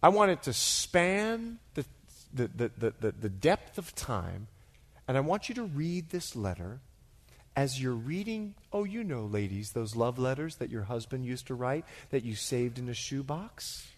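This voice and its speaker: A middle-aged male pastor preaching a sermon as an animated storyteller, dropping to a hush and then rising to loud, excited bursts. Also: mid-range voice, unhurried. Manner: animated storyteller, swings from hushed to shouting.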